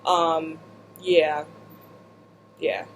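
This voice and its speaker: A woman vlogger telling a humorous personal story while seated indoors, animated and slipping into voices and asides. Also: deep voice, extremely slow, slight background noise.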